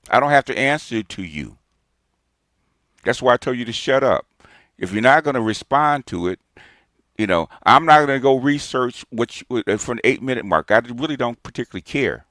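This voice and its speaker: A man's voice: mid-range voice, fairly bright tone, dry recording, clean studio sound. A man hosting a reaction video, arguing back heatedly at a clip, repeating his retorts and scoffing with laughs. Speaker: channel host reacting to a clip. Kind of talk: combative reaction commentary.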